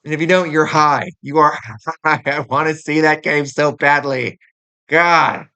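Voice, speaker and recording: A man's voice: on the high side, steady tone, measured pace, sharp tone, smooth. A young man hosting a sports show, ranting in a casual, exasperated way with lots of fillers. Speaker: podcast host. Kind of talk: opinionated sports rant.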